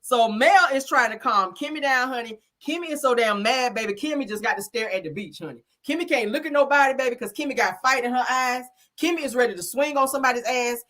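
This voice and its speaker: Woman, sassy chatty recap, animated pitch, casual commentary. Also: quick pace, hardly any pauses. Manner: sassy, chatty, peppered with "honey" and "child". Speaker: reality show recapper.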